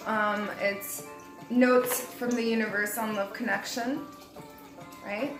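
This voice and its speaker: A woman's voice: a little high, steady tone, slow pace, echoey room, music in the background, poor audio. A young adult woman giving a casual, rambling tarot reading, chatty and laughing at herself. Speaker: tarot reader.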